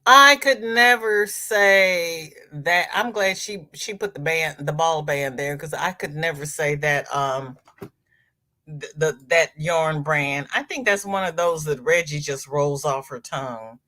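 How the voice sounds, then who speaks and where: Slow-talking chatty woman host. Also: deep voice, a bit bright. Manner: chatty, exclaims and laughs while reading comments. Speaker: host reading live chat. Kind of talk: casual livestream chat. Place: home.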